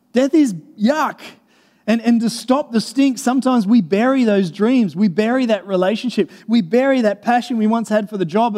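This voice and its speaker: A man's voice: high-pitched, mellow. Man, pastor preaching, earnest, repetitive, conversational, lingering church-hall echo. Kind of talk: sermon. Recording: long reverb of a large hall.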